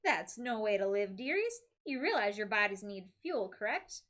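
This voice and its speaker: Woman voicing a quirky food guru teacher, teasing, bright tone, lively pitch, storybook. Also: normal speed. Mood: playful.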